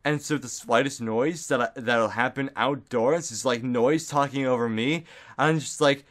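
A man talking straight into a desktop microphone at home, his voice sitting in an everyday middle register. He rambles in a goofy, meandering way, piling up fillers and breaking into silly shouts. It sounds like a loose, casual solo vlog. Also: medium pitch, moderate pace. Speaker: vlogger. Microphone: desktop studio microphone.

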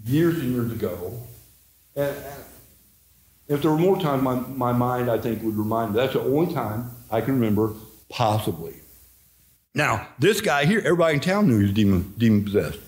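A middle-aged man, a pastor teaching Bible study in a folksy, animated way, acting out quotes. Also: medium pitch, normal speed.

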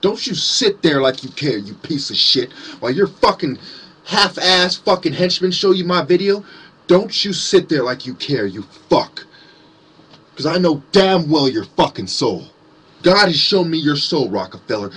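Husky man in a profane sarcastic rant. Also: a little high, big pitch swings, moderate pace, bright, forceful tone. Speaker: conspiracy commentator. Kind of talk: angry ranting monologue.

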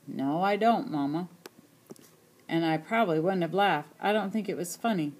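A woman's voice: lowish voice, normal speed, darkish tone, natural voice. A bitter, hurt grown son, read by a woman.

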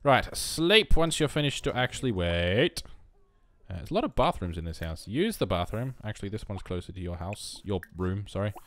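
A man's voice: on the low side, sing-song, normal speed, fairly bright tone. A young man chatting casually over a life-sim game, talking to his characters and poking fun at himself. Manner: chatty, self-mocking, talks to his characters. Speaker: gameplay commentator. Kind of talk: casual let's-play commentary.

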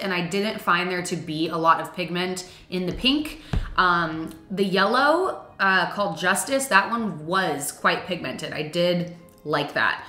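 A woman's voice: medium pitch, bright, forceful tone. A young woman chatting casually through a makeup review, chatty and self-deprecating, with frequent fillers. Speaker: beauty vlogger. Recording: echoey room.

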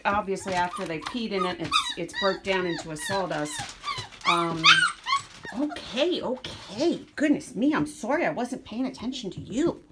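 A woman dog breeder chatting casually while showing her puppies, slipping into baby talk with them. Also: mid-range voice. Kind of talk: casual vlog narration. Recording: background noise.

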